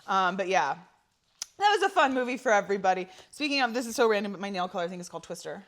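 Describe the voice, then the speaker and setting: A woman from California co-hosting a podcast in casual chat, animated and chatty, laughing often. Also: medium pitch, fast talker. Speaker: podcast co-host.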